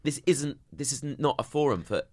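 A man, co-hosting a casual chat, quick and chatty with plenty of fillers. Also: mid-range voice, animated, darkish tone, dry recording, studio quality. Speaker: podcast co-host.

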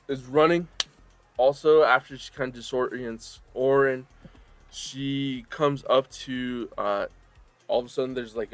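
A young man runs a tabletop game as game master. He talks in a relaxed, loose way, explaining the rules with plenty of fillers and the odd laugh. His voice sits at an ordinary middle pitch.

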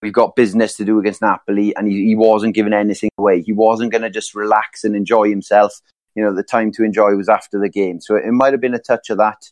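A man's voice: fairly low pitch, level tone, fast talker, darkish tone, no room sound. A man co-hosting a football podcast, talking casually in rambling turns full of fillers and restarts. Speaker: podcast co-host.

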